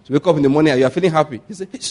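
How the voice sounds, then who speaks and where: A pastor preaches a sermon in a high-ish voice at a racing pace. He tells animated stories and quizzes the congregation with call-and-response questions.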